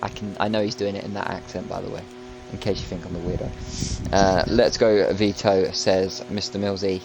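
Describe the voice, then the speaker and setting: Guy doing sim race commentary, lowish voice, music going behind him. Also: little pitch movement, moderate pace, gravelly. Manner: chatty, jokey play-by-play.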